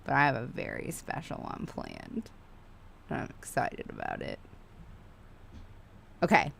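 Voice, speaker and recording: A woman streamer chatting casually with her viewers while she crochets, chatty, excitable and freely swearing. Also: very deep voice, unhurried, creaky, slight background noise.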